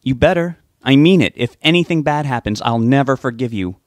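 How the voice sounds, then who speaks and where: A man reading an audiobook, voicing a blunt, protective young woman friend with a sharp, sarcastic edge. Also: mid-range voice, a little fast, dry recording, studio quality, close to an everyday voice. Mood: stern. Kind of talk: audiobook character voice.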